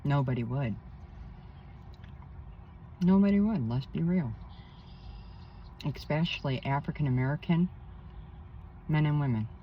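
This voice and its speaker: A woman's voice: a bass voice, moderate pace, pauses often, dull audio, slight background noise. A woman working as a spiritual counselor, talking in a rambling personal vlog outdoors by a pond, emphatic with indignant asides.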